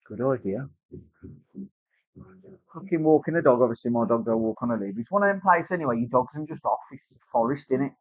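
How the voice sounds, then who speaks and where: A man's voice: mid-range voice, lively intonation, a little fast, no room sound. British man telling a sweary story. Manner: swears often, acts out other people's voices. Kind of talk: casual storytelling chat. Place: tattoo studio. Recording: dry, slightly dull sound.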